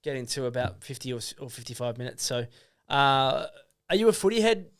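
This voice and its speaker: A man's voice: medium pitch, expressive, fairly quick, smooth. A man hosting a podcast, asking long, rambling questions. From Australia. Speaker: podcast host. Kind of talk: casual interview chat.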